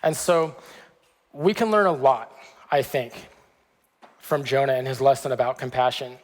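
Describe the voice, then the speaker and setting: Conversational pastor in a reverberant church. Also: male voice, mid-range voice, normal speed. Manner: conversational, frequent "okay" check-ins. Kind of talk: sermon. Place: church sanctuary.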